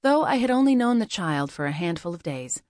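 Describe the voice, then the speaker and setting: A woman reads a first-person fantasy story in a measured, quietly expressive way. Her voice sits on the low side, and the recording is dry and close with no room sound. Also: no room sound. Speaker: audiobook narrator.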